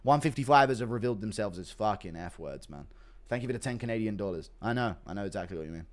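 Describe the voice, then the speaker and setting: A man with a lowish voice talks fast while hosting a casual livestream. He reads out donations, laughing and swearing freely in a profane, animated way.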